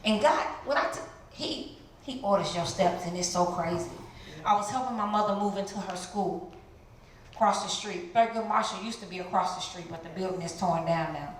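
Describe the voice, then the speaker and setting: A middle-aged woman from the Chicago area giving an animated testimony as a guest speaker in a church, jumping into high voices to act out what people said. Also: normal speed. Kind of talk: testimony sermon. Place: large church hall. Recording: very echoey church hall, some noise.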